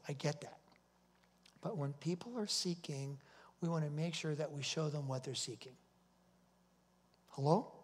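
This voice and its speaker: A man with a fairly high, slightly mellow voice preaches a sermon to his congregation in a church sanctuary. He's earnest and anecdotal, telling stories and repeating himself. The recording carries long hall reverb.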